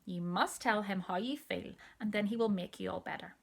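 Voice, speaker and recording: A woman's voice: medium pitch, moderate pace, creaky. A woman playing a coaxing, patient mother.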